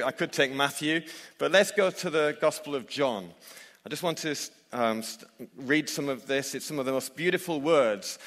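A man's voice: medium pitch, fairly bright tone, big-room sound. A man preaching a sermon in church, emphatic and full of rhetorical questions for his listeners. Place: church hall.

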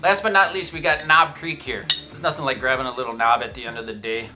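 A man's voice: mid-range voice, fairly even intonation, quick pace, music in the background. A man giving a casual whiskey tasting review, chatty and self-amused, with joking asides. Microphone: shotgun microphone.

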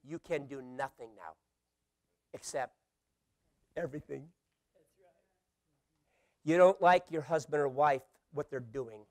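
A middle-aged male pastor preaching a sermon, swinging from hushed asides to loud emphatic calls and playfully acting out quoted voices. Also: on the high side, slow, pauses often.

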